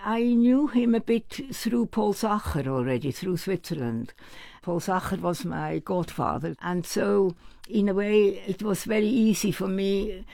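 A man's voice: sits high, measured pace, dry recording. An older man, a former orchestra manager, telling anecdotes in an interview. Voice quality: very gravelly. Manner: warm anecdotal storytelling with quoted voices. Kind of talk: reminiscing interview answers.

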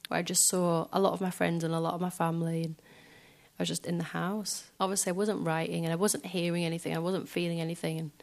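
A woman musician speaking softly and hesitantly in a reflective interview in front of a live audience, filling pauses with small filler phrases. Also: fairly low pitch, flat delivery, gravelly. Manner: soft, hesitant, many fillers. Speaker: guest musician.

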